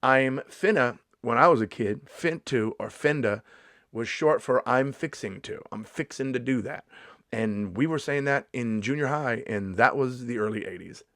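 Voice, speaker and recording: This fifties-aged man delivers a mock-indignant, sarcastic comedy vlog rant at a moderate pace, cursing liberally. His middle-pitched voice has a fairly bright tone, captured close and dry without any echo.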